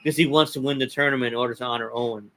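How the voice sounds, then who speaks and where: A man's voice: medium pitch, fairly even intonation, rapid-fire, fairly bright tone. Opinionated man chatting casually. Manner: opinionated, rambling, chuckles often. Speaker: podcast host. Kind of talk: casual wrestling chat.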